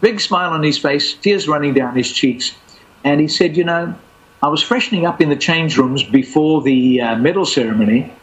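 A man's voice: on the high side, normal speed, highs cut off. A man telling a long personal faith story in conversation, acting out the voices of the people in it. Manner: animated, acts out quoted voices. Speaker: guest storyteller.

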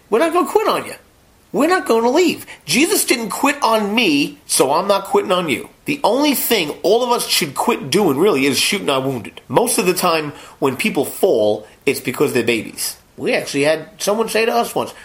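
A middle-aged pastor preaches a sermon, swinging between loud emphasis and quiet asides, in a voice that's a little high.

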